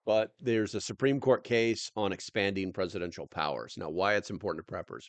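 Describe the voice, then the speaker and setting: Chatty male livestream host, lowish voice, rambles with fillers, dry close sound. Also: a little fast, no echo. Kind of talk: casual livestream chat.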